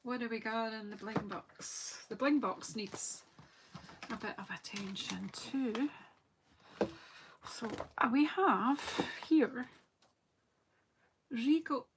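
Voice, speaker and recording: Woman chatting slowly while crafting. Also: a little high, very noisy. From Scotland. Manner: chatty, thinking aloud while working. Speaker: craft demonstrator. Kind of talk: live crafting chat.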